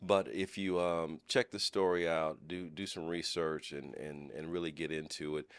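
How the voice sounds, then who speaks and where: Deep-voiced man, playful podcast guest. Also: steady tone, normal speed, smooth, dry recording. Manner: playful, laughs often, many fillers and restarts. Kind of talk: casual interview chat.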